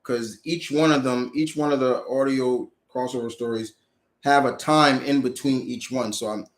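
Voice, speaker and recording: A man's voice: medium pitch, fairly even intonation, moderate pace. A man hosting a casual live Q&A, rambling through viewer questions and correcting himself mid-sentence. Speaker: host answering viewer questions.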